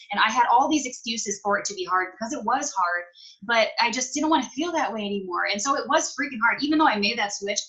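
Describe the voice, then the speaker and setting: A woman's voice: mid-range voice, sharp tone, poor audio. A young woman telling a candid personal story in a casual, emotional way, full of fillers and restarts. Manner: casual and emotional, many fillers and self-corrections. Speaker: guest.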